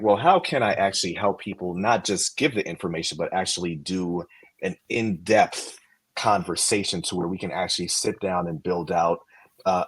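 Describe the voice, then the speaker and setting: A man's voice: low voice, husky, low-quality recording. A man, a podcast guest, casually and animatedly explaining career steps, posing questions as he goes.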